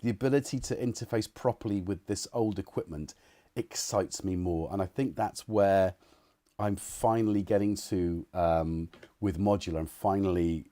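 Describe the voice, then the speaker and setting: A man's voice: low voice, fairly even intonation, normal speed, warm tone, dry recording. A man hosting a casual home livestream, rambling and chuckling as he chats to viewers and his cats. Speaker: livestream host. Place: living room at home.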